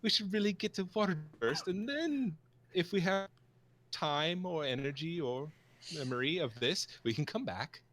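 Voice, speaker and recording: A player in a tabletop role-playing game making playful, quick remarks. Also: mid-range voice, lively intonation, fairly bright tone, dry recording.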